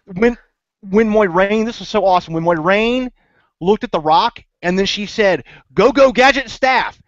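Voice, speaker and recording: A man's voice: high voice, normal speed, dry recording. A man co-hosting a casual book podcast, who talks eagerly and cuts in playfully. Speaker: podcast co-host. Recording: dry, muffled lo-fi audio.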